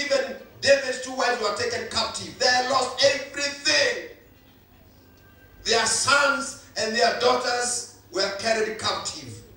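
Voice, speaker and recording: A man's voice: extremely high pitch, bright, forceful tone. A male pastor, preaching a sermon with emphatic repetition. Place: church hall. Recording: echoey hall, voice from far off.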